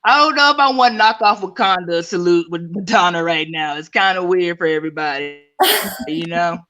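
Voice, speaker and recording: A woman's voice: on the low side, moderate pace, fairly bright tone, lo-fi sound. A woman stand-up comedian, rambling and giggling through her set. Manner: rambling, giggly, jokes with voices.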